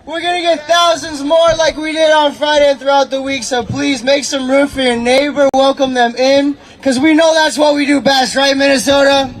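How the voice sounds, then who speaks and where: A man emceeing an outdoor street protest, shouting rousing calls to the crowd. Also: very high voice, steady tone, moderate pace, few pauses, rough recording. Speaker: rally emcee. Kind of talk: shouted rally speech. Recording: loud crowd noise. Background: cheering crowd.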